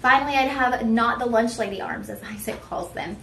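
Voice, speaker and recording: A woman's voice: on the high side, a little fast, gravelly, a bit bright, roomy sound. A young woman hosting a live shopping show, chatting with viewers and teasing herself. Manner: chatty and self-teasing, talks straight to viewers. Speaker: shopping channel host.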